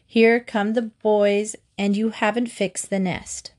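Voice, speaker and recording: A woman voicing a brisk, no-nonsense mother who scolds her daughter in a storybook reading. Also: mid-range voice, flat delivery, a little mellow, natural voice.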